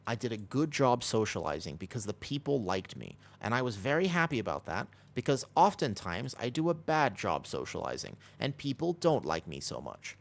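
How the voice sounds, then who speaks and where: A man chatting casually with his viewers as he streams an online game, rambling with lots of "like" fillers and breaking off for quick game callouts. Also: medium pitch, gravelly. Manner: rambling, many "like" fillers, talking to chat between game callouts. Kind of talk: casual chat while livestreaming a game.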